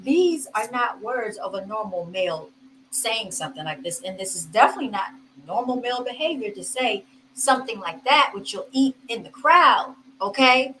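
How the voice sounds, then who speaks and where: A woman's voice: a little high, animated, normal speed, sharp tone, slight background noise, rough recording. A woman hosting a casual commentary vlog, chatty and laughing, talking straight to her viewers. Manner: chatty, addresses viewers as y'all, laughs often. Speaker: host commenting on video clips.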